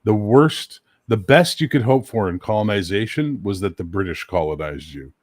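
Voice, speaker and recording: A man's voice: fairly low pitch, normal speed, no room sound. A man from Canada co-hosting a casual podcast chat, blunt and swearing as he tells stories. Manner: blunt, swearing, animated storytelling. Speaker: podcast co-host.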